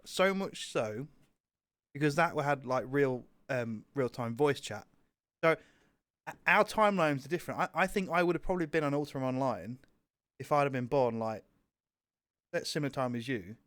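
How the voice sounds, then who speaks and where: A young man with a British accent rambles through stories in casual podcast chat, his voice mid-pitched. He fills gaps with likes and ums and swears easily. The recording is dry, with no room sound. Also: normal speed, fairly bright tone, dry recording. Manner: rambling storyteller, swears, lots of fillers. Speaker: podcast co-host.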